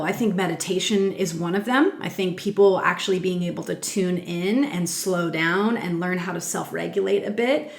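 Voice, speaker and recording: A woman's voice: mid-range voice, roomy sound. A woman hosting a podcast, musing thoughtfully and trailing off with "um" and "I guess" as she shares her views. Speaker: podcast host. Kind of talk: casual interview chat.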